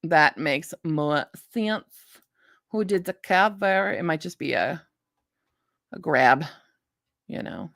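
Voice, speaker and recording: A woman's voice: low-pitched, slow, gravelly, pauses often, no room sound, studio quality. A tired woman chatting casually on a live stream about books she might read. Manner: chatty, animated, talks to her puppy in a soft baby voice. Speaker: book reviewer streaming live.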